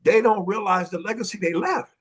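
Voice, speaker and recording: A man, excitedly telling stories on a panel and acting out the voices of the people in them. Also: high voice, brisk. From Oakland, California. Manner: excitable, acts out quoted voices, street slang. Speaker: panel guest, dance pioneer. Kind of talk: animated storytelling in a panel conversation.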